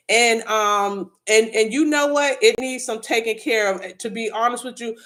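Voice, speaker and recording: A woman's voice: mid-range voice, normal speed, hardly any pauses, a bit bright. A woman hosting a livestream, talking candidly and earnestly to viewers, with frequent restarts. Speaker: livestream host. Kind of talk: casual livestream chat.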